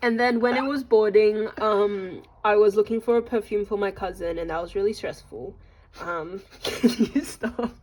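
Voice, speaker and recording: A woman's voice: mid-range voice, normal speed, a little mellow, low-quality recording. A young woman from Australia narrating a casual travel vlog, chatty and jokey, talking straight to her viewers. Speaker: vlogger.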